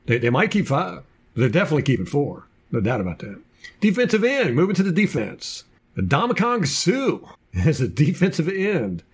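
A man's voice: a little high, wildly swooping pitch, moderate pace, breathy edge. A man co-hosting a casual sports podcast, running through a team depth chart with jokey asides. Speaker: podcast co-host.

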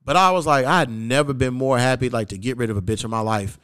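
A young man hosting a podcast, telling stories in a profane, animated casual chat and acting out what people said. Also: medium pitch, fast talker, smooth, no echo, clean studio sound. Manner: profane, animated, acts out quoted lines. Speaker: podcast host.

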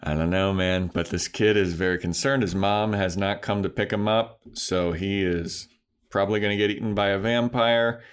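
A man's voice: fairly low pitch, steady tone, moderate pace, smooth. A man co-hosting a podcast, casually recapping a TV episode in a laid-back, laughing way. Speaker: podcast co-host.

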